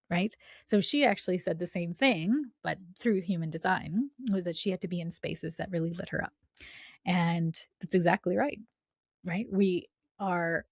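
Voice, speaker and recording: Gravelly-voiced chatty woman podcaster. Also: fairly low pitch, no echo, clean studio sound. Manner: chatty, often asks "right?". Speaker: podcast host and coach. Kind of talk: casual spiritual podcast talk.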